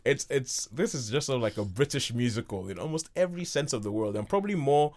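A man's voice: mid-range voice, lively intonation, a little mellow. Man, film podcast co-host, stumbling repeats, casual. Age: adult, married. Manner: halting, repeats words, laughs, imitates characters. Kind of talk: casual chat about films.

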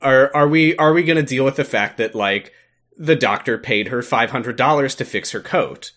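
A man's voice: medium pitch, moderate pace, a bit bright. A man co-hosting a casual comedy podcast, sardonic and often laughing. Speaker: podcast co-host.

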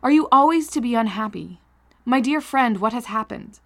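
A woman reading the part of a gentle, sympathetic young man consoling a grieving friend, in a tender, consoling manner. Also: on the high side, animated, normal speed. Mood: concerned.

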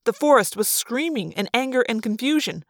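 A woman narrating a story aloud in an expressive, measured way. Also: a little high, background noise. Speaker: reader.

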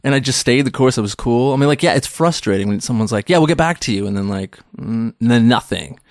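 A man's voice: mid-range voice, fairly quick, dry recording, studio quality. A man in his thirties, a stand-up comedian guest, chatting casually and animatedly, acting out quoted voices as he tells stories. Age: 30s. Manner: animated storyteller who acts out quoted voices. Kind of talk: casual podcast interview.

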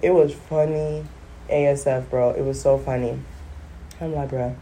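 A woman telling a funny story in a casual vlog, animated, acting out voices and laughing often. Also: very deep voice, measured pace, a little hiss or hum.

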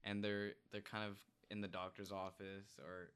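A man's voice: low voice, flat delivery, moderate pace, a bit bright, smooth. A man chatting casually about a movie, offering brief, dry remarks.

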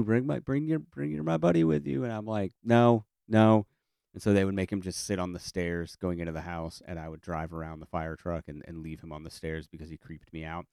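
In a very low, slightly mellow voice with a clean tone, a man tells a personal story loosely and comically, packed with fillers, restarts, and self-corrections. Every so often he slips into the voices of family members he's quoting. He's close to the mic, and the recording is dry with no room sound.

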